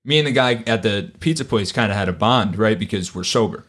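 A man's voice: fairly low pitch, brisk. A man co-hosting a casual chat, telling a long story with acted-out quotes and lots of swearing. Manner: animated storyteller, acts out quotes, swears often. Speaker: podcast co-host.

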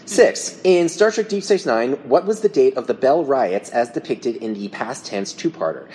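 A man's voice: mid-range voice, normal speed. Guy running a trivia quiz on a podcast, bouncy voice, faint hiss behind. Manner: reads questions and multiple-choice answers, lively. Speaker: quiz host.

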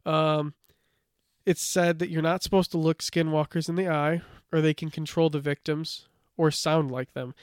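Smooth, higher-voiced man telling lore casually. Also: normal speed, dry recording, clean studio sound. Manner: relaxed storytelling, reads from notes, many "like" fillers. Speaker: podcast co-host. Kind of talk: casual chat.

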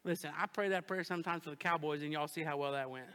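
A man preaching a sermon as a pastor, folksy and animated, calling out to the congregation. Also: fairly high pitch, fast talker, clear, resonant tone. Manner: folksy, animated preaching with audience call-outs. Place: large church auditorium. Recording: long hall reverb.

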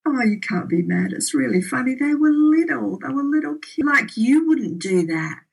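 A woman's voice: sits high, lively intonation, moderate pace, vocal fry, husky, low-quality recording. A middle-aged woman chatting casually, telling rambling anecdotes and laughing as she goes. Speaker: podcast co-host, mother. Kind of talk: casual storytelling chat.

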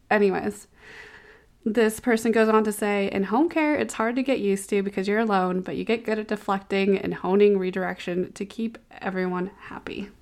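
A woman physical therapist hosts a casual solo podcast. She reads online posts aloud at an everyday mid pitch. Between the posts she breaks in with candid, exclaiming reactions.

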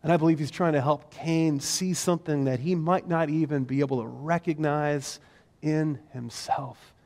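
A middle-aged male pastor preaching a sermon in a church, animated and sometimes acting out quoted voices. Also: on the high side. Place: church sanctuary. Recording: long reverb of a large hall.

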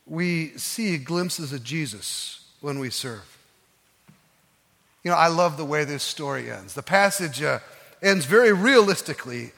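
Male pastor, sermon, earnest storyteller with slow soft emphases, high voice, church reverb. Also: lively intonation, gravelly. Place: church sanctuary.

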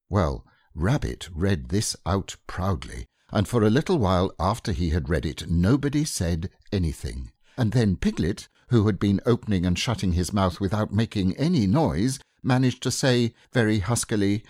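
A man narrating a children's storybook in a gentle, expressive reading. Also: lowish voice, normal speed, hardly any pauses, no echo, studio quality. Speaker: audiobook narrator.

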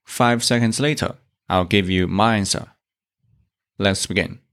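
A man teaching a language lesson, explaining grammar and modeling tones deliberately. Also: lowish voice, fairly bright tone. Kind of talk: slow instructional explanation.

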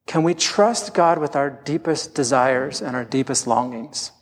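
A man's voice: mid-range voice, a little slow, big-room sound. A middle-aged man preaching a sermon as pastor, telling candid, self-deprecating stories from his own life.

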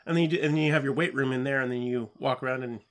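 A middle-aged man co-hosting a podcast in casual chat, talking in a hesitant, halting way and often restarting his sentences. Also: mid-range voice, fairly even intonation. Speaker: podcast co-host.

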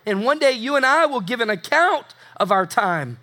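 A male pastor preaches in a strikingly high voice. His tone is bright and forceful. He hammers phrases through repetition and slips into voices for the people in his story. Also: sing-song, moderate pace. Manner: emphatic, repeats phrases for effect, acts out voices. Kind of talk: sermon.

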